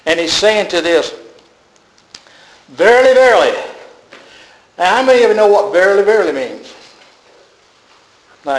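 A man with a high voice preaching a sermon, emphatic, often doubling back and repeating himself. The sound carries a roomy echo, as if from a church sanctuary.

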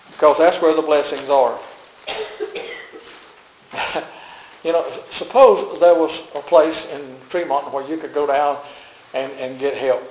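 An older pastor preaching with a folksy, storytelling manner and frequent chuckles. His voice sits somewhat high for a man and swings from quiet asides to emphatic declarations. The sound carries a noticeable roomy echo. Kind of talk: sermon.

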